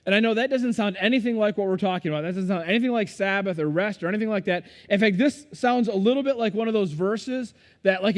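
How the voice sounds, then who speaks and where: A man's voice: sits high, a little mellow, big-room sound. A man preaching a sermon as pastor, in a loose, conversational way that keeps checking in with the congregation. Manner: conversational, asks the congregation questions. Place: church sanctuary.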